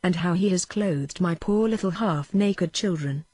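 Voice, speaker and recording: Humble cottage wife, British female TTS, low, breathy, mechanical. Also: measured pace, mellow, no room sound. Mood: grateful. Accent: British English. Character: grateful poor cottage wife.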